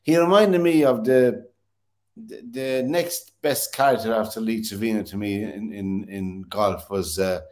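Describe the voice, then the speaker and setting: Brief: male panelist, low voice, halting speech. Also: darkish tone. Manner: hesitant, repeats words while searching. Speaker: studio panelist. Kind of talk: casual sports chat.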